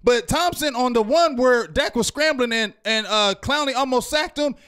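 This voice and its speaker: A man hosting a sports reaction show, ranting heatedly and yelling at times. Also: very high-pitched, normal speed, clean tone. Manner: loud, fired-up, repetitive, yells at times. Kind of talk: heated fan rant.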